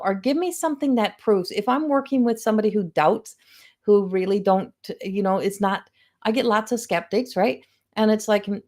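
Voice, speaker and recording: A middle-aged woman talks casually to viewers on a livestream from home, her voice in a middle register. She is chatty and animated and often slips into quoting other people. It sounds like a webcam mic in a home room. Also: medium pitch. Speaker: psychic medium hosting a livestream.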